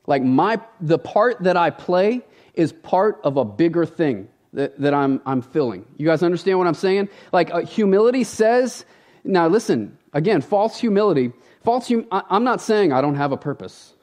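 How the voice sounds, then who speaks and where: A man's voice: high-pitched, expressive, normal speed, a little mellow. A man preaching a sermon from a church stage, talking in a conversational, emphatic way and often appealing straight to the congregation. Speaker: pastor.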